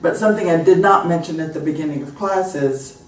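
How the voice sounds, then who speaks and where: Her voice is low and brisk as this American teacher animates her pronunciation lesson with stories and acted-out example phrases. She's far from the mic, in a room with echo.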